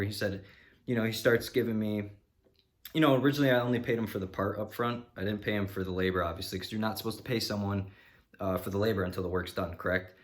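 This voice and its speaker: A man vlogger tells a story in a loose, rambling way, with lots of "you know" and restarts. His voice sits on the low side, and a frustrated edge runs through his telling. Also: fast talker. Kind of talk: casual storytelling.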